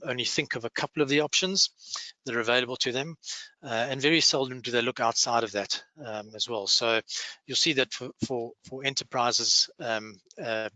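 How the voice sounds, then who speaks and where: A man with a South African accent introducing a webinar, halting with many fillers and restarts over a video call. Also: mid-range voice, sharp tone, no echo, rough recording. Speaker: webinar host from a cloud services firm.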